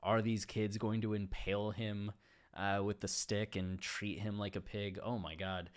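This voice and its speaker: A man hosting a casual monologue about a book, telling animated stories and laughing often, turning slower and reflective on the ideas. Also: lowish voice. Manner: animated storyteller, laughs often mid-sentence. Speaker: host.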